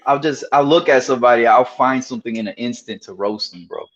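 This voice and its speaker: Man, mid pitch, teasing and cursing, muffled lo-fi recording. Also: fast talker. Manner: roasting, profane, laughing. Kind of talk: casual banter.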